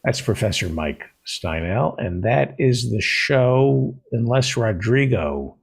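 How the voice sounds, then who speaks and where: A husky-voiced man hosts a casual talk show. His pitch swings widely as he gushes and repeats himself for emphasis, sounding warm and chatty. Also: expressive, slow pace, poor audio. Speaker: host. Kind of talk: casual chat.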